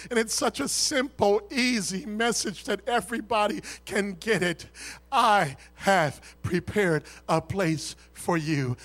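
A man pastor preaching a sermon with an altar call, swinging between shouted fervor and hushed, intimate words. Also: high voice.

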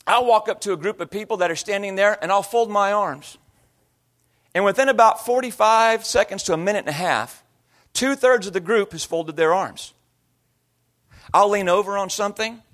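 A man's voice: high-pitched, normal speed, fairly bright tone. A male pastor in his thirties or forties preaching a sermon in a conversational storytelling way, often slipping into voices and accents he imitates.

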